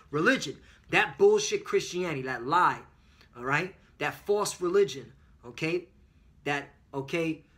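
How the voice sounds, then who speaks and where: A man teaching scripture in an informal, emphatic, profane way, reading verses slowly and constantly asking the listeners if they follow. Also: fairly high pitch, pushed and bright. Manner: reads scripture slowly and deliberately.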